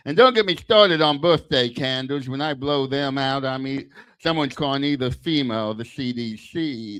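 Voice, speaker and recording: A man's voice: medium pitch, normal speed, a bit bright, clean tone, no echo. An older man, doing a crude, self-deprecating stand-up set into a handheld mic at a small bar open mic. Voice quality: lisp. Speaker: stand-up comic. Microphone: handheld stage mic.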